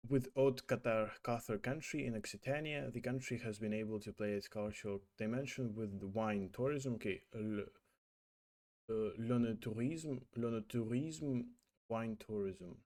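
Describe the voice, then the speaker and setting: Halting man translating French aloud. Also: lowish voice, warm tone. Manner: halting, hesitant, many fillers and self-corrections. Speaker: language learner vlogger.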